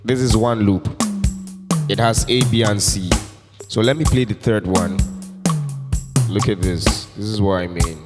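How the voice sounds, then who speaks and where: A man hosting a casual keyboard tutorial, explaining slowly and repeating points as he demonstrates loops. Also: lowish voice, steady tone, big-room sound, loud music behind the voice. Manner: slow, explanatory, repeats himself. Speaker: music tutorial host selling keyboard loops.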